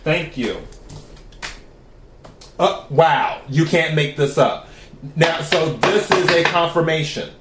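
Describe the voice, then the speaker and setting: A man giving a tarot reading to his viewers. He talks in a calm, even way and asks the cards the same question again and again. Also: a little high, slow, pauses often, roomy sound, slight background noise. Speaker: tarot reader.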